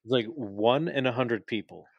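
A man's voice: mid-range voice, unhurried, creaky, breathy edge, no echo, lo-fi sound. A young man co-hosting a casual podcast chat, opinionated and explaining at length with plenty of fillers. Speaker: podcast co-host.

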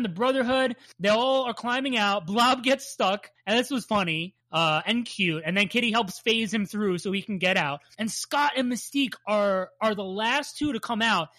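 This podcast co-host, whose voice sits on the high side, goes over a cartoon episode in easygoing conversation. She's animated, laughing and swearing freely, and there's no room sound.

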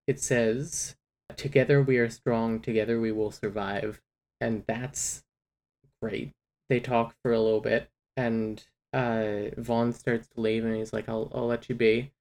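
Gravelly-voiced podcast co-host gushing over a book. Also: medium pitch, measured pace. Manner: rambling, excited recaps with many fillers. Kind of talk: casual book discussion.

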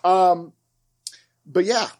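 Man, podcast co-host, casual banter, slow delivery, wry humor. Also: sits high, steady tone. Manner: jokey, self-deprecating. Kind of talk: casual chat.

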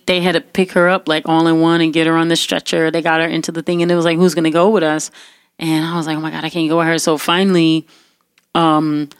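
A young woman telling a personal story in casual talk, animated and full of fillers and restarts. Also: deep voice, clear, resonant tone, no room sound, clean studio sound. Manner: animated, acts out quotes, many fillers and restarts.

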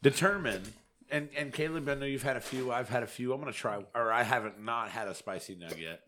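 A man's voice: mid-range voice, brisk, pushed and bright, slight background noise. A man hosting a casual food tasting, laid-back and swearing freely. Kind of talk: casual chat.

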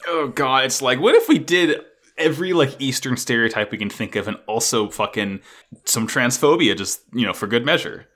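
A man's voice: mid-range voice, lively intonation, normal speed, a bit bright. A man co-hosting a casual podcast chat about an anime episode, sarcastic and full of profanity. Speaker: podcast co-host.

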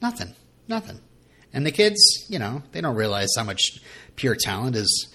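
A young podcast co-host talks in a sing-song, pushed and bright voice of medium pitch at a moderate pace. In casual chat he rambles and jokes at his own expense, full of fillers and restarts.

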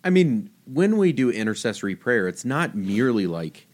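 A man's voice: medium pitch, very animated, moderate pace. A man talking casually about faith on a podcast, telling stories animatedly and jumping his voice up for quoted lines. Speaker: podcast host.

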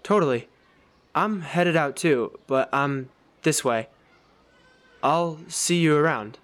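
A man's voice: on the high side, takes it slowly, fairly bright tone. Man, audio drama acting, easygoing, apologetic, faint noise. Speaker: character Mike.

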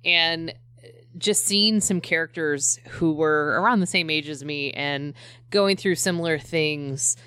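A woman's voice: deep voice, unhurried, fairly bright tone, smooth, dry recording, studio quality. A woman in her thirties chatting casually as a podcast co-host, rambling with many fillers and restarts. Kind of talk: casual chat.

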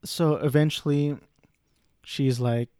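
A man's voice: fairly high pitch, steady tone, slow, a little mellow, no echo, studio quality. A young man giving a casual, rambling film review, swearing freely and breaking off into asides. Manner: rambling, profane, frequent restarts and asides.

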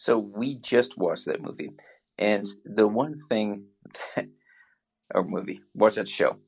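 A man chatting casually, telling animated stories with quoted asides. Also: fairly low pitch, takes it slowly, gravelly, breathy edge. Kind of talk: casual chat.

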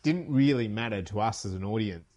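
A middle-aged man, a podcast co-host, chatting casually about a film, rambling and animated with quick asides. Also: on the low side, no room sound, highs cut off. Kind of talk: casual film discussion chat.

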